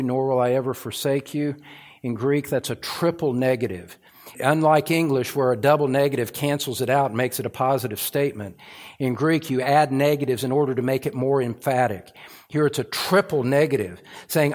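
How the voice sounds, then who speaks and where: Middle-aged male pastor, sermon delivery, mid-pitched voice, swings from measured teaching to fervent emphasis. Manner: builds from calm teaching to fervent, loud emphasis.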